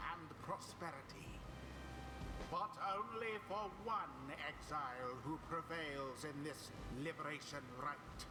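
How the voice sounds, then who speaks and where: A man narrating a video game in a slow, solemn, formal style with archaic phrasing. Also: on the high side, background noise. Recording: echoey game audio over loud music.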